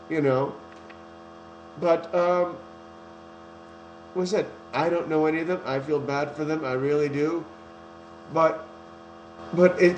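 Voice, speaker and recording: A man's voice: fairly high pitch, a little mellow. A man hosting his own podcast, talking in a blunt, rambling, casual monologue and swearing freely. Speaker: podcast host. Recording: echoey room with faint hum.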